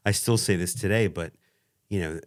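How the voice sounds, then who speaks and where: A man co-hosting a podcast in casual chat, talking haltingly and repeating words as he starts sentences. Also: deep voice. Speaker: podcast co-host.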